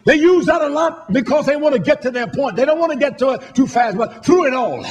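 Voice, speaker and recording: Fervent high-pitched male preacher. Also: fairly quick. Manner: fervent, rising to shouts, blunt and cursing. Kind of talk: sermon.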